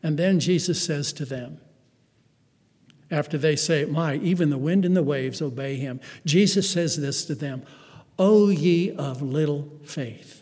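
A man's voice: a little high, moderate pace, a little mellow. A man delivering a sermon as pastor, building emphasis with rhetorical questions and calling the congregation beloved. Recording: long reverb of a hall.

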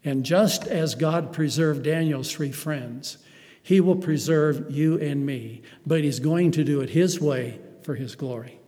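A man's voice: on the high side, unhurried, mellow. A man delivering a sermon as pastor, building emphasis with rhetorical questions and calling the congregation beloved. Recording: long reverb of a hall.

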